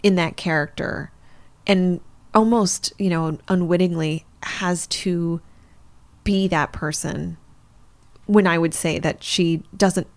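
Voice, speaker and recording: A psychologist co-hosting a podcast talks in a thoughtful, explanatory way. Her voice sits a little low for a woman. She pauses on fillers as she reasons things out. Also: steady tone. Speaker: psychologist co-host. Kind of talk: podcast discussion.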